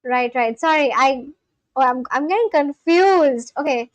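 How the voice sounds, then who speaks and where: A young woman hosting a livestream, chatting casually with viewers, laughing often and correcting herself with quick apologies. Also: high-pitched, no room sound. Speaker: livestream host. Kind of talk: casual chat reading live chat aloud.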